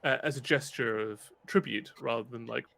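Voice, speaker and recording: A man's voice: mid-range voice, normal speed, creaky, bright, forceful tone. A British man narrating a tabletop game as game master, rambling with many fillers and restarts.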